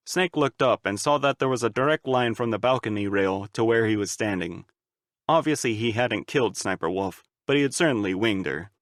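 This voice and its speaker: A male narrator reads a fan-made audiobook in a steady, even storytelling voice at a middle pitch. The sound is dry and close, with no room to it. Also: no echo.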